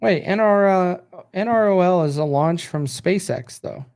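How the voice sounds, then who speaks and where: A tired American man with a fairly high-pitched voice chats loosely on his podcast. He rambles, trails off and reacts aloud as he reads comments. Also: a little slow, darkish tone, smooth. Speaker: podcast host. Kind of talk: casual live-stream chat reading viewer comments.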